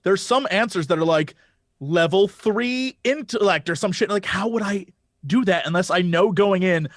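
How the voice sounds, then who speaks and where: High-voiced excitable man, dry sound. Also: moderate pace, no echo. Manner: excitable, profane, acts out dialogue. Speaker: podcast guest. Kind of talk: casual chat about games.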